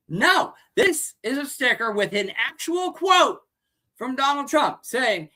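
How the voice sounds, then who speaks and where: A male show host ranting with lots of swearing and pitching merchandise, loud and blunt. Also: big pitch swings, takes it slowly. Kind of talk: profane rant and merch pitch.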